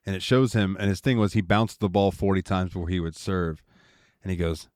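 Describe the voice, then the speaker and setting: A man's voice: low voice, brisk, dry recording, studio quality. A man co-hosting a podcast, telling stories animatedly in casual chat. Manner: animated storytelling with laughs and voices. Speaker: podcast co-host.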